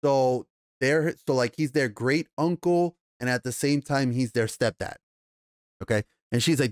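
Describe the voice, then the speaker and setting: A man with a New York accent giving a casual, profane TV episode recap and review, animated and rambling, acting out the characters' lines as he goes. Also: medium pitch, a little slow, clean tone, no echo, studio quality. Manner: animated, profane, loose retelling with acted quotes. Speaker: TV show reviewer.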